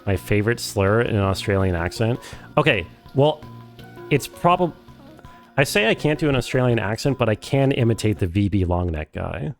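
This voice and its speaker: A man streaming a game, chatting casually and reading chat aloud in a rambling, deadpan, self-deprecating way. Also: lowish voice, normal speed, gravelly, soft background music. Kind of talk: casual live-stream chat while playing.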